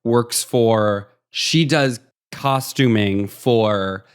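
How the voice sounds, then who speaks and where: A man's voice: medium pitch, clear, resonant tone. A man co-hosting a podcast, casually retelling a movie plot in a rambling way and briefly acting out the characters' lines. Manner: rambling, acts out characters in quick snatches. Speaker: podcast co-host.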